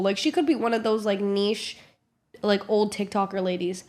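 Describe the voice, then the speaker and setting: A young woman streamer telling a casual story to her chat, animated and swearing a lot. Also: medium pitch, normal speed. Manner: animated, swears a lot, acts out loud kids.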